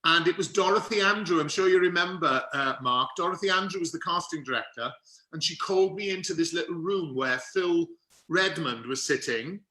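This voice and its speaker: A middle-aged man from Wales telling a lively, theatrical story as an interview guest, with quick asides. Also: a little high. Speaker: guest actor. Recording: roomy echo.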